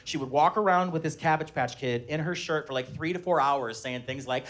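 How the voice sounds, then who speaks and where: A man in his thirties doing a stand-up comedy set live on stage, telling animated stories and shouting his children's lines. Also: brisk, hardly any pauses, a little hiss or hum. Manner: animated storytelling, shouting high-pitched voices when acting out his kids. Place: live comedy venue with laughing audience.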